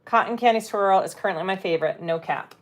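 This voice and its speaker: A woman's voice: mid-range voice, fast talker, slight background noise. A middle-aged woman hosting a casual sewing livestream, chatting playfully, laughing often and reading viewer comments aloud. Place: home sewing room.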